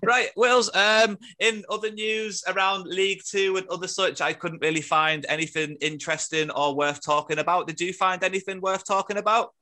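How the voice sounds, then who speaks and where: A man's voice: high-pitched, steady tone, a little fast, hardly any pauses, pushed and bright. A man hosting a football podcast in casual chat, laughing often and hesitating with fillers. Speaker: podcast host.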